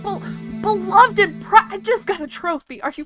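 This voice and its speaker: High-voiced excitable woman gaming streamer. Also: moderate pace. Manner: excitable, swearing, gasping reactions. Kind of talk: casual let's-play commentary. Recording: game music in the background.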